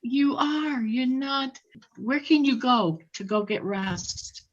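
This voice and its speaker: A woman's voice: high voice, takes it slowly, dull audio. A woman spiritual healer leading a live online session, insisting and repeating her points emphatically.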